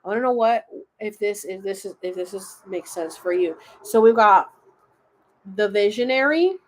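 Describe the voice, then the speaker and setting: A woman's voice: mid-range voice, moderate pace. A woman hosting a casual livestream, chatting with viewers, swearing and laughing as she pulls oracle cards and reads them aloud. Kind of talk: casual livestream chat with card readings.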